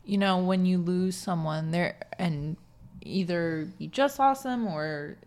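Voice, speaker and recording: A woman guest explains things softly and gently in a casual interview. Her voice sits somewhat low for a woman. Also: slow. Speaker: healthcare worker guest.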